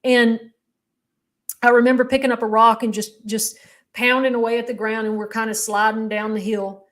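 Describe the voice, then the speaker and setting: A woman's voice: a little high, level tone, moderate pace. A middle-aged woman, telling her own story as an interview guest in a candid, emotional way. She halts often and restarts her sentences.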